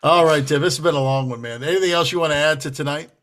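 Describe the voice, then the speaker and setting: A man with a fairly high voice co-hosts a casual sports podcast. He is easygoing and laughs often. He states his predictions with confidence. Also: very fast, a bit bright. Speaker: podcast co-host.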